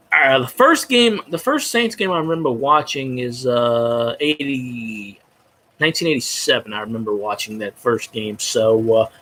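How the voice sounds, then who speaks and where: A man in his thirties from Louisiana, a fan podcast host ranting in casual chat, profane and excitable. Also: mid-range voice. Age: 30s.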